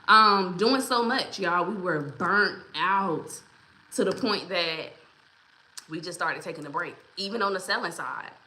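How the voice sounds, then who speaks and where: A woman's voice: medium pitch, sharp tone. A woman hosting a casual livestream, chatty and encouraging as she greets viewers by name. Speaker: livestream host. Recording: roomy echo.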